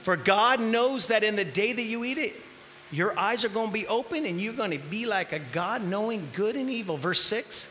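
High-pitched, animated male preacher. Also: normal speed, in a large hall. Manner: animated, acts out voices in the scripture, shouts at peaks. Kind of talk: sermon.

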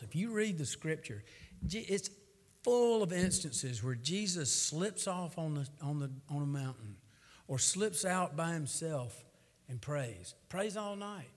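A man's voice: fairly high pitch, sing-song, unhurried, big-room sound. A middle-aged man, preaching a sermon in a folksy, storytelling way that rises to fervent.

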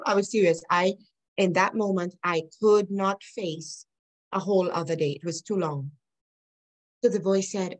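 A woman's voice: lowish voice, fairly even intonation, a little slow, low-quality recording. Middle-aged woman guest, earnest, reflective storytelling, breaks into light laughs. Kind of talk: personal storytelling in an interview.

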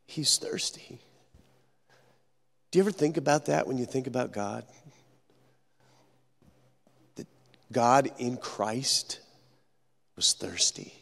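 A man preaching a sermon as pastor, telling stories earnestly with dramatic pauses. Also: mid-range voice, expressive, vocal fry. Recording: echoey hall reverb.

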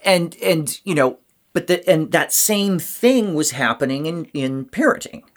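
A man's voice: on the high side, lively intonation, a little slow. Reflective rambling man in conversation. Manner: reflective, rambling with many fillers. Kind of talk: casual conversation.

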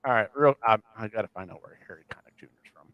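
A man from the American Midwest co-hosting a casual podcast chat, talking in animated, ranting bursts with a self-deprecating streak. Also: lowish voice, fast talker, dry recording, dull audio. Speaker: podcast co-host.

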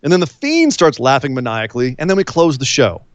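A man co-hosting a casual wrestling recap chat, telling the story with lively quoted voices. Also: mid-range voice, a little fast, no room sound. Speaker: podcast co-host.

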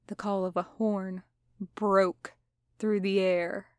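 A woman reading fan fiction aloud as audiobook narration, steady and picking up pace in tense passages. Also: mid-range voice, slow pace, clean tone, dry recording, clean studio sound. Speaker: podfic reader.

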